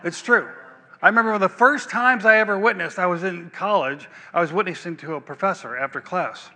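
An older male pastor preaches in a loose, conversational way, often repeating himself and asking his listeners "right?". His voice sits high and sounds bright and forceful. It carries through a long, ringing hall reverb. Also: brisk. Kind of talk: sermon.

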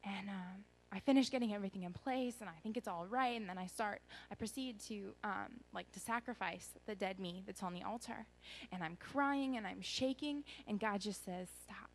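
A woman's voice: mid-range voice, brisk, hardly any pauses, low-quality recording. A young woman giving an earnest, rambling personal testimony at a church gathering, full of ums and restarts. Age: young adult.

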